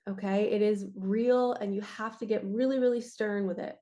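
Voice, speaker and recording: Woman, raspy throat, passionate spiritual reader, emphatic and urging, mid pitch. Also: steady tone, moderate pace, warm tone. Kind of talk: earnest spiritual talk to viewers.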